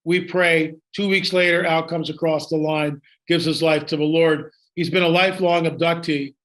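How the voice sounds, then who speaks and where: A man speaks high in his register as he recounts a story for an interviewer. He talks excitedly, doubling back and restarting his sentences as he goes. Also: moderate pace. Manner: excited, with frequent restarts and asides. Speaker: guest.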